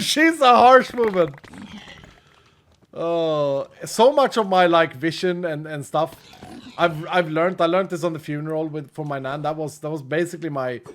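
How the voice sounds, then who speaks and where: A man's voice: on the high side, a bit bright, a little hiss or hum. A man streaming a game, chatting casually and rambling, often laughing. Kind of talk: casual gaming commentary.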